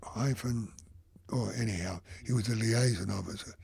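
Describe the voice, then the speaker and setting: A man's voice: lowish voice, normal speed, vocal fry, a little mellow, husky. An older man, telling a rambling anecdote in an interview and acting out the voices of people he quotes. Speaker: photographer. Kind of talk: anecdotal storytelling.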